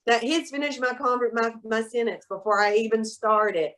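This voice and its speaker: Woman, middle-aged, animated, storytelling, casual chat. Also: fairly high pitch, moderate pace. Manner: animated storyteller, quotes people in voices. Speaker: guest, soap maker.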